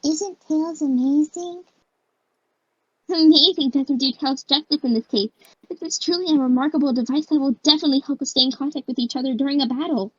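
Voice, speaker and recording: A woman voicing an excited, studious female pony princess in an amateur fan dub, bubbly and amazed. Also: high-pitched, a little fast, no room sound, lo-fi sound, natural voice.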